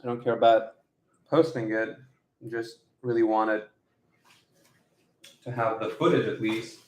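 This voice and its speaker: A man talking casually in a vlog at home, rambling slowly with many fillers and the odd laugh. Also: lowish voice, level tone, echoey room. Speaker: vlogger. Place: his apartment. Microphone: phone camera.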